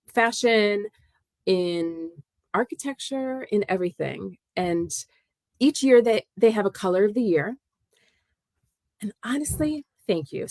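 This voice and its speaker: A woman's voice: fairly low pitch, a little mellow, no room sound. A middle-aged American woman hosting a knitting livestream, chatting casually, and emotional, often laughing and greeting viewers by name.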